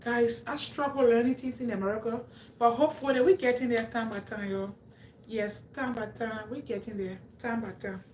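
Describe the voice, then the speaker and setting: A woman's voice: on the high side, steady tone, normal speed, a little mellow, a little hiss or hum. A woman from Africa with an African English accent, chatting casually and talking straight to her viewers on a live stream. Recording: echoey room, faint ambience.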